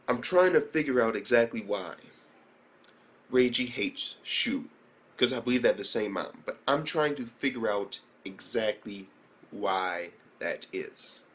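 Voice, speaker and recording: A young man talks through an anime episode in a loose, swearing, excitable rush. His voice sits at an ordinary middle pitch, and he keeps breaking into mock impressions of the characters. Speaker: anime reviewer. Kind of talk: casual profane recap.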